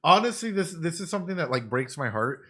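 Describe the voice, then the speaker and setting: Brief: male psychologist streamer, bright, forceful voice, chatty and excitable, lots of "yo" and "man". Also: a little high, fairly quick, breathy edge. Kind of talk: casual let's-play commentary.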